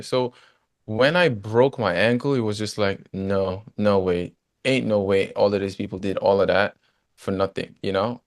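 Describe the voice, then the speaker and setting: Low-voiced man telling his story. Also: moderate pace, no echo, studio quality. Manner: animated, repeats "you know" often. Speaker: guest, former footballer turned agent. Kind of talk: casual interview storytelling.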